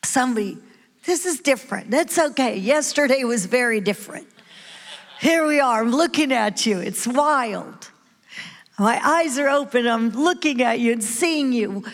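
A woman preaching a sermon in an animated way, calling out questions to her listeners. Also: a little high, normal speed. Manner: animated, calls out to the audience. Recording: long hall reverb.

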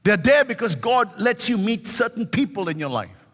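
A man's voice: high-pitched, sing-song, normal speed, a bit bright, big-room sound. A man in his sixties preaching a sermon as pastor, fervent, with frequent hallelujahs and a sing-song lift on key words. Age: 60s.

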